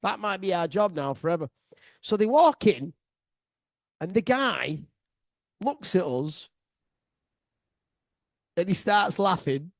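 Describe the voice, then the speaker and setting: A man telling a sweary comic travel story to his listeners, excitable, laughing often and swearing freely. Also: high voice, unhurried, long pauses, no echo. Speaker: podcast storyteller.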